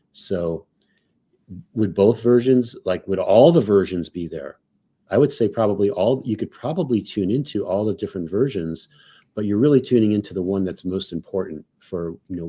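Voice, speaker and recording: A man who regularly joins a panel discussion call talks casually and thinks out loud, using lots of "like" and "so." His voice is low, mellow, and husky.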